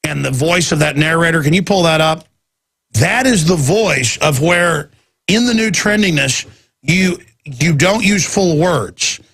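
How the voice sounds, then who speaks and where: A Texan man rants through a talk radio monologue, mocking the people he describes. His voice is gravelly and husky and sits fairly high for a man. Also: unhurried, a bit bright. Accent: Texas. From Texas. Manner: ranting, mocking impressions. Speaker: radio show host.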